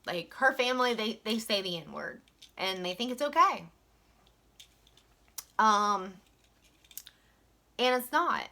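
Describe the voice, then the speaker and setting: A woman's voice: medium pitch, expressive, takes it slowly, long pauses, pushed and bright. A young woman from Virginia, telling a work story in a chatty, frank way full of fillers. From West Virginia. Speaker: vlogger. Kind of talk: casual storytime venting.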